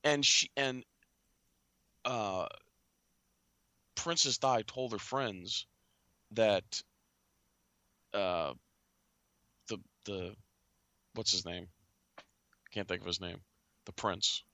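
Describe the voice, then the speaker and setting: Man, talk-show host, rambling casual talk, low-ish bright voice, dry close sound. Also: drawn-out words, long pauses, no room sound. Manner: rambling, tangential, trails off. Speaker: podcast host.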